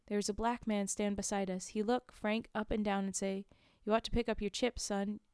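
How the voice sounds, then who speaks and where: A woman's voice: mid-range voice, dark tone, clear, resonant tone, dry recording, clean studio sound. A woman streaming a book reading, reading the text plainly and breaking off for chatty, amused asides.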